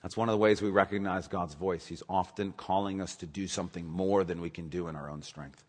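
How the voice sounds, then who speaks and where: A man preaching a sermon, emphatic, swinging between loud urgent stress and quiet low asides. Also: fairly even intonation, brisk. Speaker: pastor. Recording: long reverb of a large hall.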